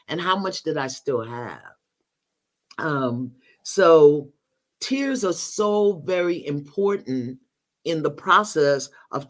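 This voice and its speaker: An older woman appears as a guest teacher in a spiritual conversation, telling stories expressively, acting out snippets of dialogue and laughing often. Her voice is low-pitched and a bit bright.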